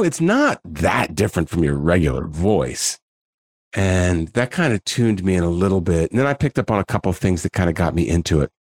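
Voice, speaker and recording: A man's voice: low voice, no echo. A man in his forties, a guest in a casual interview, telling stories animatedly and acting out the dialogue. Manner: animated storyteller, acts out dialogue.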